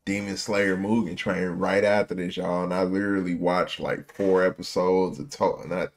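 A man hosting a movie reaction, excitable and full of slang, laughing along. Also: low-pitched, moderate pace. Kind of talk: casual reaction commentary.

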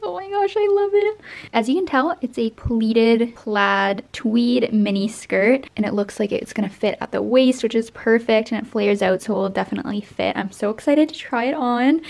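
Young woman casually vlogging at home, chatty and excited about her haul. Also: on the high side, vocal fry. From Canada. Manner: chatty, gushing over purchases. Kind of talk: casual vlog chat.

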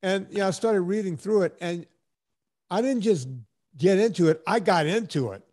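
A man's voice: sits high, normal speed, darkish tone. A man in his fifties hosting a podcast, telling stories in a rambling, casual way and acting out the voices of people he quotes. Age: 50s. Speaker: podcast host. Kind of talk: casual storytelling chat.

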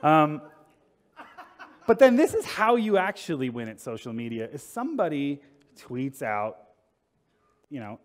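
A man's voice: fairly high pitch, big pitch swings, measured pace, pauses often. A man giving a humorous storytelling talk at a conference, casual and wry, acting out quotes as he goes. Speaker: conference speaker. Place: conference hall. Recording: long reverb in a conference hall.

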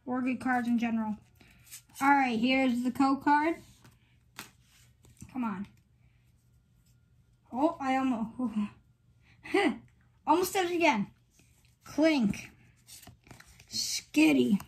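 High-voiced woman calmly calling out cards. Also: drawn-out words, pauses often, slightly rough. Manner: reads off names one by one in short phrases. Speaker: channel host. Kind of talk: casual card-opening commentary.

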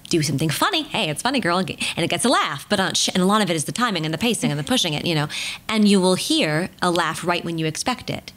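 American woman, podcast guest, lower-pitched, chatty and animated storyteller. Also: fast. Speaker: guest, musical theatre performer.

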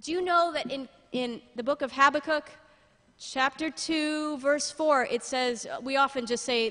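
Woman, middle-aged, pastor, animated sermon, higher voice, big reverberant hall. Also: normal speed. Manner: lively, animated preaching, laughs often, builds to loud emphatic peaks. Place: church sanctuary. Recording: long church-hall reverb.

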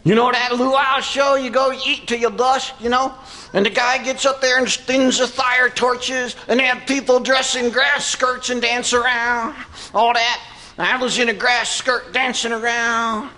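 A man's voice: very high-pitched, steady tone, unhurried, sharp tone, full character voice. A man voicing a brash, cheeky redneck puppet who hollers and whoops, with a Southern US accent. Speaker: ventriloquist's dummy. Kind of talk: stand-up ventriloquist act. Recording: noisy comedy club.

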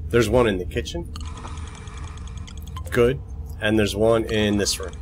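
A man's voice: lowish voice, fairly even intonation, slow pace, slight background noise. A man doing live gameplay commentary at home, chatty and muttering to himself, now and then bursting into playful shrieks. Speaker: video game live streamer. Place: home room, roommate asleep nearby.

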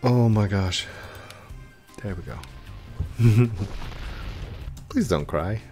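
Young guy doing let's play commentary, kinda low voice, gets all excited and gaspy, faint music behind. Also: drawn-out words. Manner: chatty and excitable, often gasping and exclaiming. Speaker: gaming channel host. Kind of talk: live gameplay commentary.

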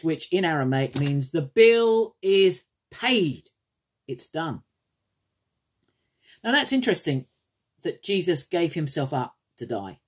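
Guy preaching, husky voice, pitch swinging all over, trails off quiet at the ends. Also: takes it slowly, long pauses. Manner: expressive preaching with wide pitch swings, dropping soft at phrase ends. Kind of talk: sermon.

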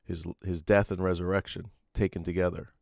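Male pastor, deep voice, earnest teaching sermon with restarts, dry sound. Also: level tone, fairly quick, gravelly, darkish tone, no room sound. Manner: earnest, explanatory, with frequent fillers and restarts.

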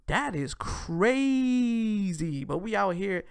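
A man hosting a casual commentary show, reacting to clips in a loose, profane, animated way. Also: a little high, normal speed, gravelly. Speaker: host.

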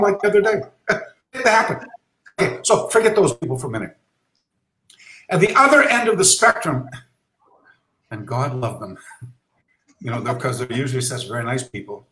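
A man who teaches karate, talking casually and reflectively in an animated way, with chuckling asides and frequent restarts. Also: fairly high pitch. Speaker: karate instructor. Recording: roomy echo.

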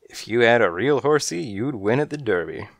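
A man's voice: mid-range voice, animated, normal speed, dry recording. A man voicing a big, friendly tomcat who talks in a cheerful, hearty way in a storybook reading. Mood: jovial. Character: big friendly male cat, jovial.

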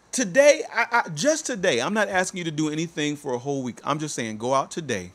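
A man delivers a motivational talk in the cadence of a sermon, pressing each point again and again. His voice sits a little high and swings widely in pitch as he exhorts the listener. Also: very animated, fast, few pauses, a bit bright. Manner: emphatic, repetitive, exhorting. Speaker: life coach. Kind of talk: motivational preaching.

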